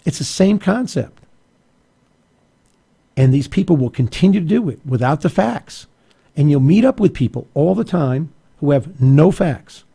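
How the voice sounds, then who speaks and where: Male talk host, gravelly and husky, dark-toned, argumentative and emphatic. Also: on the high side, lively intonation, a little slow. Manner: emphatic and argumentative, with frequent restarts and asides. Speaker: radio talk show host. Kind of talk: opinionated political commentary.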